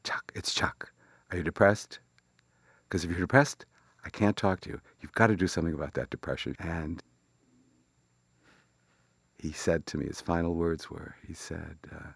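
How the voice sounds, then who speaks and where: Gravelly older man telling a memory. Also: low-pitched, steady tone, no room sound, clean studio sound. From Chicago. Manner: reflective, halting, tender. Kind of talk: personal storytelling.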